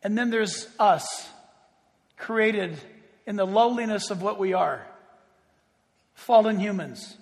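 A man pastor preaching a sermon, animated, swinging between loud exclaims and hushed asides. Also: high voice, slow pace, gravelly, pauses often. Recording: reverberant hall.

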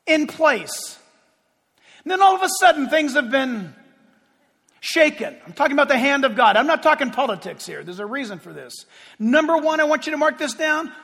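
A man preaching a fervent sermon as pastor, with sudden shouts and slow drawn-out phrases. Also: extremely high pitch. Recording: long hall reverb.

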